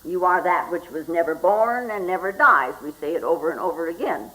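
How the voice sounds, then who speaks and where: An older woman, a Zen teacher, giving a slow, reflective spoken talk and often asking "hmm?" as she goes. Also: lowish voice, lively intonation, bright, forceful tone, poor audio. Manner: slow and reflective, with frequent questioning "hmm?" asides.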